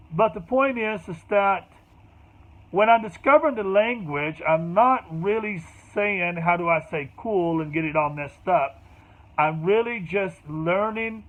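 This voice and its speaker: A man explaining how he learns languages in a casual, rambling way that loops back on itself. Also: high voice. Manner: rambling, repeats himself, loose and conversational. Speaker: language teacher. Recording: tinny phone-like sound.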